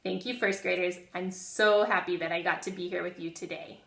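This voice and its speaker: A woman's voice: fairly low pitch, steady tone, gravelly, a bit bright. A woman giving a lesson to first graders, drawing out her words and having the class repeat after her. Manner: slow, drawn-out, call-and-repeat teaching. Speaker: guest teacher. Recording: echoey room, voice from a distance.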